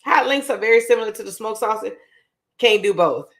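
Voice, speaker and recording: A woman's voice: a little high, expressive, fairly quick, creaky. A woman with a New Orleans accent, hosting her own show and chatting casually to viewers while she cooks. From Louisiana. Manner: chatty, talks straight to viewers. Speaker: show host. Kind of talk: casual cooking chat.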